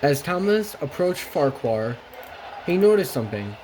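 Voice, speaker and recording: A woman's voice: low-pitched, lively intonation, normal speed, background noise. A woman narrating a homemade storybook tale in a plain reading manner with small restarts.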